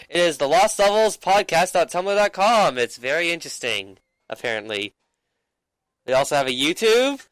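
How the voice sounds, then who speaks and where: A man's voice: on the high side, a bit bright, clean tone, dry recording, rough recording. A man guest-hosting a casual gaming podcast, reading out end information and trailing off mid-sentence. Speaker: guest host.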